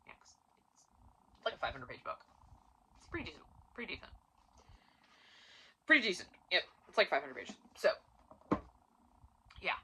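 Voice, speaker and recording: A woman talks through a book review in a casual, swearing style. Her voice is bright and forceful and sits a little low. She punches some words loudly and drops others to a near-whisper. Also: very animated, normal speed, pauses often, husky, poor audio. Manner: emphatic, profane, swings from loud to near-whisper.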